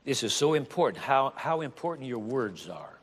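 A man preaching a sermon with emphasis, getting louder and slowing down on the words he stresses. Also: mid-range voice, big pitch swings, a little hiss or hum. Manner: emphatic, rising to loud stressed phrases, slows down on scripture. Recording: long reverb of a large hall.

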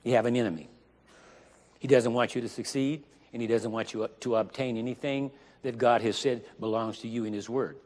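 A man's voice: medium pitch, steady tone. Emphatic preacher man in a reverberant hall. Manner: emphatic, rising to loud stressed phrases, slows down on scripture. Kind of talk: sermon. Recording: long reverb of a large hall.

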